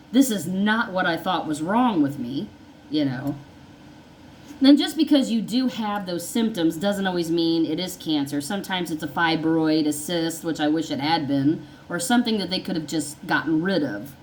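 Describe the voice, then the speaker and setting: A vlogger shares her own story in a fairly low-pitched voice, recorded at low quality with slight background noise. She rambles conversationally, repeats herself, and often acts out what people said.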